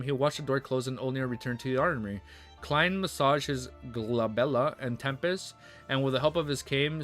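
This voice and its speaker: A young man on a live stream, reading a novel aloud and breaking off for excited, swear-filled chat. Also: mid-range voice. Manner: reads quickly then breaks into excited swearing reactions.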